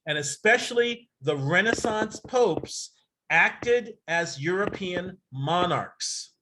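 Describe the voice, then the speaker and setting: Rambly guy teaching a workshop on a video call, high voice, swears casually. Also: animated, slow, background noise. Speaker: astrology workshop host. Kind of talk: casual lecture.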